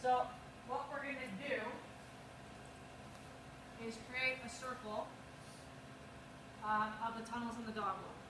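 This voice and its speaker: A woman's voice: fairly high pitch, fairly even intonation, unhurried, pauses often. A woman teaching a dog agility class, coaching the students and calling cues to her dog. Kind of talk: outdoor training class instruction. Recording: echoey with loud background noise.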